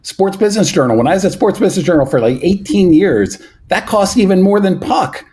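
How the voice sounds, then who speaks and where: A man's voice: high voice, animated, a little fast, a little mellow, a little hiss or hum. A man being interviewed as a guest, a sports media reporter speaking earnestly and hesitantly, full of restarts. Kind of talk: interview over a phone line.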